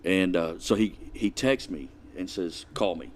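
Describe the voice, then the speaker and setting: A man's voice: deep voice, measured pace. A man, a podcast guest telling a story in a drawling, laid-back way, acting out both sides of a conversation. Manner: drawling, laid-back retelling with quoted dialogue. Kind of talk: casual storytelling.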